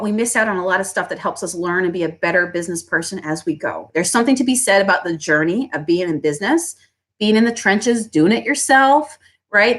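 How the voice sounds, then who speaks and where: A woman who owns a small business, giving a motivational talk on pricing, often asking "right?" and acting out customers. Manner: animated, acts out customers in high voices, asks "right?" often.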